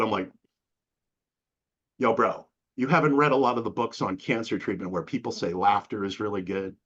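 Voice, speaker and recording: A middle-aged man chats as an interview guest, acting out quotes as he tells animated stories. His voice is husky and slightly breathy. The recording sounds dull and lo-fi. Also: fairly low pitch, a little fast. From New England. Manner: animated storytelling with acted-out quotes, casual slang. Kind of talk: casual interview conversation.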